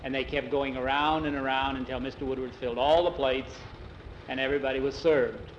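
A man telling a story in a relaxed, homespun way, acting out each character as he goes, in a roomy, dull lo-fi recording. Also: medium pitch, slight background noise. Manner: unhurried, homespun, acts out the characters. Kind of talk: oral storytelling.

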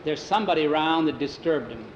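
A man voicing a steady male adventurer who speaks in a low, quiet, reassuring way. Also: fast, lightly acted. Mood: calm. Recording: roomy, dull lo-fi, faint hiss.

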